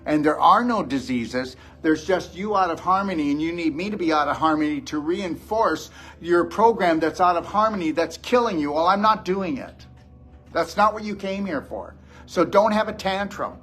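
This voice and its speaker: A man's voice: a little high, lively intonation, normal speed, fairly bright tone, husky, faint music behind. A man giving a blunt, scolding motivational lecture to a live audience as a wellness show host.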